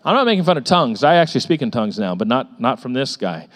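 A middle-aged man preaching a sermon as a pastor, telling stories with lively repetitions and acting out the voices of the people in them. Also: medium pitch, quick pace. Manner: animated storytelling with frequent repetitions and acted-out voices.

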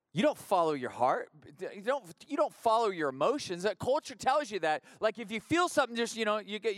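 A pastor preaching a conversational sermon in church, repeating phrases and building rhythmic refrains. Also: male voice, sits high, no echo, clean studio sound.

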